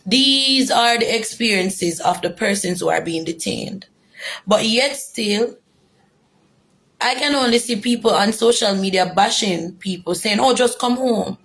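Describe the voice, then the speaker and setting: A woman's voice: medium pitch, a little slow, fairly bright tone. A young Jamaican woman giving an earnest, emotional personal testimony, repeating herself for emphasis. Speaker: former detainee telling her story.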